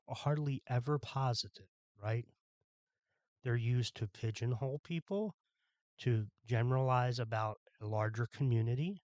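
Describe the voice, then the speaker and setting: A man's voice: mid-range voice, a little mellow, no echo, highs cut off. A man from Philadelphia hosting a podcast, delivering a blunt, irritated monologue with some swearing. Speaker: podcast host. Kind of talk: ranting monologue.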